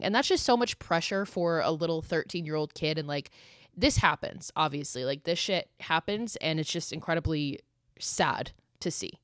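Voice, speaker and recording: A young woman hosts a podcast, retelling a horror film in loose, profane chatter peppered with "like". Her voice sits a bit low for a woman. The sound is dry and close, with no room echo. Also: expressive, moderate pace, smooth. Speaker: podcast host. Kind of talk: casual movie recap.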